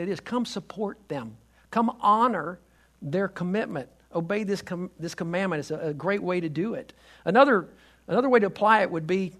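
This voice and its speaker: Earnest man preaching a sermon. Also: sits high. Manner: earnest, emphatic preaching with many restarts and dropping to a hush on key points. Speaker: pastor.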